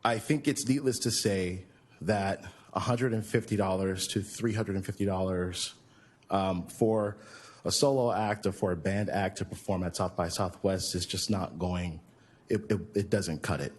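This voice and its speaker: A man speaking as a music commissioner during public comment at a board meeting, polite and measured, with frequent hesitations. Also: deep voice, fairly even intonation, breathy edge.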